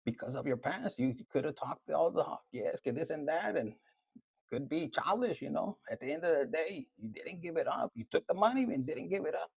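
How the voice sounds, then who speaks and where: High-pitched gravelly man reading tarot. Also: expressive, fairly quick, dry recording. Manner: blunt, profane, chatty. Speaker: tarot reader.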